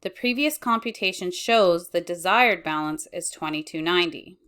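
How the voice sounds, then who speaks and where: Measured woman reading accounting slides. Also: fairly low pitch, animated, fairly bright tone, clear, resonant tone. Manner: measured, self-correcting. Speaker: accounting instructor.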